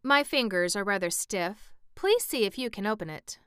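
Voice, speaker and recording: A kindly, sympathetic tin man with stiff fingers, read by a woman. The storybook delivery is measured and slightly raised, the voice smooth and resonant, and the recording is dry. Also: mid-range voice, animated, a bit bright, no echo, lightly acted. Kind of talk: audiobook reading.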